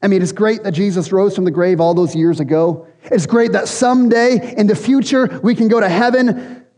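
A man's voice: high voice, fairly even intonation, normal speed, darkish tone. A man preaching a sermon as pastor to a church congregation, in an earnest, conversational way. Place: church hall. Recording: long hall reverb.

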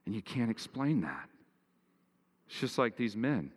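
Male pastor, low voice, earnest sermon delivery that climbs for emphasis; church reverb. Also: very animated, a little slow, breathy edge. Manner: earnest preaching, rising in pitch and force for emphasis.

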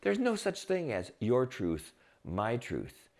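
A man preaching a sermon, reading scripture and acting out the crowd's shouts with dramatic swings. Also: medium pitch, wildly swooping pitch, slow, creaky. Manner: reads scripture aloud. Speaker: pastor.

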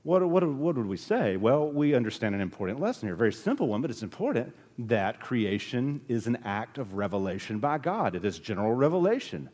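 A man preaching a sermon as pastor, emphatic, with sharp rises and drops in his delivery. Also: medium pitch, sing-song, a little fast, few pauses, long reverb tail.

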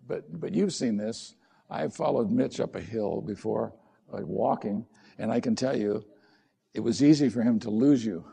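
A man's voice: mid-range voice, vocal fry, dark tone, slightly rough. A middle-aged man preaching a sermon as a pastor, conversational and direct, posing questions to his listeners.

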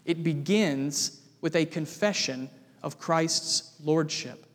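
A man preaching a sermon as pastor, measured and emphatic, often repeating key phrases. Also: a little high, long reverb tail.

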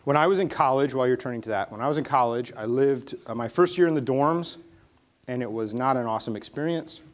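A man's voice: mid-range voice, fast talker. A man preaching a sermon in a casual storytelling way, with emphatic bursts on key points. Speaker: pastor. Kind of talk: conversational sermon.

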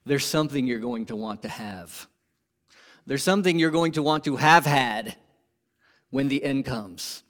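A man preaching a sermon to his congregation, animated and conversational, asking rhetorical questions and swinging from emphatic peaks to quiet lows. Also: measured pace, pauses often. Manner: animated, rising to emphatic peaks then dropping low. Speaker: pastor.

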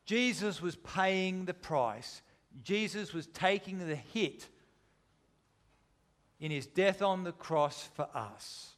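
A man's voice: sits high, animated, slow pace. A man preaching a sermon, retelling a story with dramatic, shifting intensity. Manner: dramatic, shifting between loud and hushed.

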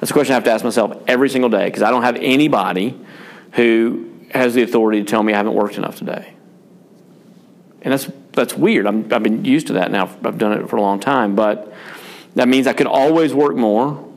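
In a casual pastoral chat on parenting, a man with a mid-range voice speaks fairly quickly. As a pastor and father, he is candid and self-deprecating, his talk rambling and dotted with fillers and restarts.

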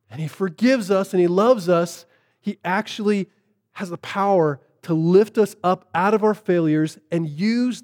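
A man preaching a sermon as a pastor, shifting from lively storytelling to hushed, earnest emphasis. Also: high-pitched.

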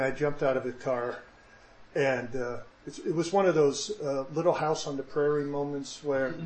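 A man's voice: on the high side, echoey room, low-quality recording. A man preaching a sermon, telling a personal story in a conversational way with self-deprecating humor and frequent restarts. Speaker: pastor.

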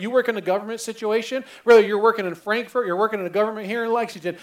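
A man preaching a sermon earnestly, often repeating phrases and stumbling over his first words. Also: high-pitched. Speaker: pastor.

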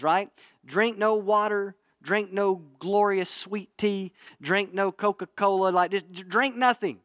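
Man, pastor, sermon, earnest, fairly high voice, dry close mic. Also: fairly bright tone, no echo. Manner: earnest, repeats words, asks "right?". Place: church.

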